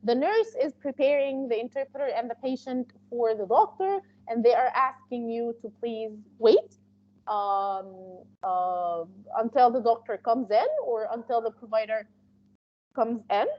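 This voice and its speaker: Female instructor giving an online class over a lo-fi call, high pitch and soft tone, explanatory and loose. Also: measured pace. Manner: explanatory, with frequent fillers and restarts. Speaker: medical interpreting instructor. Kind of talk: live online class lecture. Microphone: video call. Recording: muffled lo-fi call audio.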